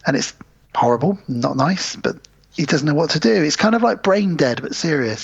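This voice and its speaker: A man's voice: on the high side, lively intonation, moderate pace, creaky, breathy edge, highs cut off. A man co-hosting a podcast, retelling a film scene by scene in casual chat and acting out the characters' lines. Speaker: podcast co-host.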